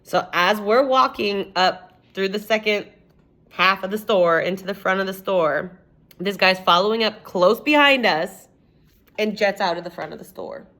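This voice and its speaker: A woman's voice: mid-range voice, normal speed, sharp tone. Young woman telling a story, swearing freely. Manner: rambling, swears a lot, heavy use of "like". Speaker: vlogger. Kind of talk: casual storytelling monologue.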